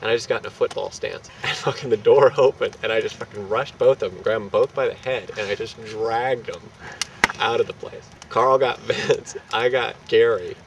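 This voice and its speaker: A young man telling a rowdy anecdote in casual, profane, animated fashion, laughing between lines. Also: lowish voice, normal speed, dull audio. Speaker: storyteller. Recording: distant mic with street and traffic noise.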